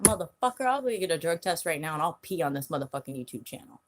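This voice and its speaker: Furious and worked up, the channel's host tears into a blunt live-stream rant laced with heavy swearing. She speaks fast in a fairly low voice, with background noise audible.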